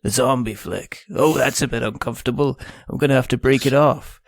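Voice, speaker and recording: A man's voice: mid-range voice, fairly quick, gravelly, dry recording. A man hosting a podcast interview, teasing his guests and laughing often as he rambles. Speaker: podcast host.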